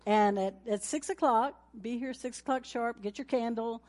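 A woman's voice: on the high side, normal speed, darkish tone. Folksy woman preaching. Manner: folksy, laughing, rising to a fervent closing prayer. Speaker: pastor. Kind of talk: sermon with church announcements.

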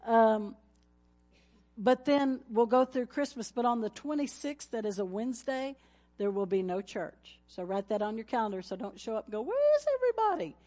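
A woman's voice: on the high side, normal speed, darkish tone. A woman pastor, preaching a folksy sermon with announcements and laughter, ending in a fervent prayer.

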